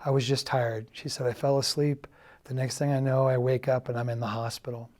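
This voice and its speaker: At a church gathering, a middle-aged man gives a personal testimony about loss, speaking quietly and haltingly with frequent stops as he quotes what others told him. His medium-pitched voice barely rises or falls, yet it is heavy with emotion and sometimes breaks.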